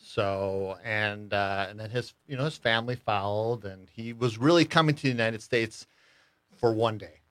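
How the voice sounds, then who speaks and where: Easygoing middle-aged man, halting speech. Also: lowish voice, fairly bright tone, no echo. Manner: easygoing, halting, many fillers and restarts. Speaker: studio guest, knitwear business owner. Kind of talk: radio interview conversation. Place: radio studio. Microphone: studio microphone.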